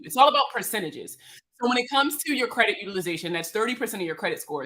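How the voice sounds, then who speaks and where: Bright, husky Baltimore woman. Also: medium pitch, low-quality recording. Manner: animated, slangy, joking, talks straight to viewers. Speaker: credit repair consultant. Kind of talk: casual livestream Q&A.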